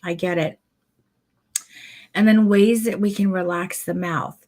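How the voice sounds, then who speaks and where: A woman's voice: on the low side, fairly even intonation, measured pace, darkish tone. Encouraging woman teaching a masterclass. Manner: encouraging, addresses viewers directly; demonstrative, coaching. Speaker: photography posing instructor.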